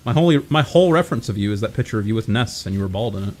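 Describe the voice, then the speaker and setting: A man's voice: on the low side, expressive, racing, darkish tone, soft background music. An American man streaming a coop game, casually chatting and teasing his friend. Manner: teasing, joking. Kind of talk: casual chat while gaming.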